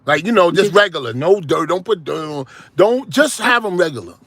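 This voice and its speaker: A man's voice: high-pitched, expressive, a little fast, fairly bright tone, breathy edge, no room sound. A man hosting a call-in show, joking and laughing through casual phone banter.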